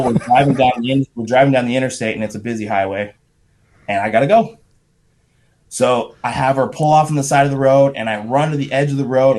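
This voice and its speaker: A middle-aged man, a podcast guest, telling a profane, animated story in casual talk. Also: medium pitch, a little hiss or hum. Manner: profane, animated anecdote with shouted quotes.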